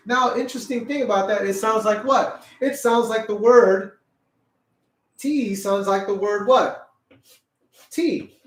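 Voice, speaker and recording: A middle-aged man teaching a children's music lesson, patiently explaining each point, checking "okay?" and singing the syllables in a high voice. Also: recorded from a distance. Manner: sings solfege syllables in a high voice. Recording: roomy sound, a little off-mic.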